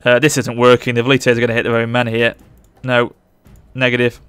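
A man commentating live on his strategy game as he plays, urging his units on and reacting loudly to the battle. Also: medium pitch, a little fast, smooth, no echo. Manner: urgent, excitable, barks orders at units. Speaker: gaming channel host.

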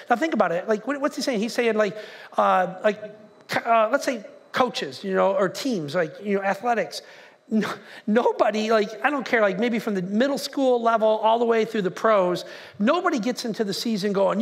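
A man pastor preaching a conversational, animated sermon in a church. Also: high voice, moderate pace. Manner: conversational, animated, shouts acted-out quotes. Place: church sanctuary.

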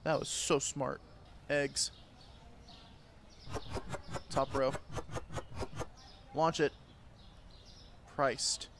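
Crude, sarcastic young man yelling at a game. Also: mid-range voice, level tone, extremely slow, pauses often, noisy background. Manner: crude, sarcastic, swears a lot, yells at customers; jumps between mutters and loud outbursts. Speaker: gaming video creator. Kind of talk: casual gameplay commentary.

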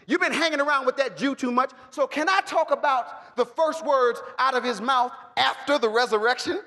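High-voiced animated man teaching in a hall. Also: moderate pace, background noise. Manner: animated, joking, calls for audience response, bursts into shouts. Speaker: Bible teacher. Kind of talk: lively teaching to a live audience. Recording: long hall reverb.

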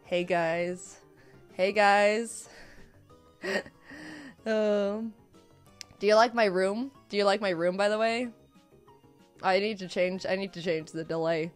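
Hoarse giggly streamer lady, chatty and excitable, mid-range voice, soft music in the back. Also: mid-range voice, slow, long pauses. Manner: giggly, excitable, repeats herself. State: hoarse, voice worn out. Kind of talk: casual livestream chat.

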